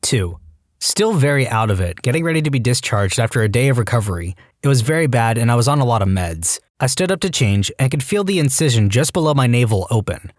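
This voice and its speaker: A man reading Reddit stories aloud as a podcast narrator, animated and quick to jump into acted quotes. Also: mid-range voice, no room sound, clean studio sound.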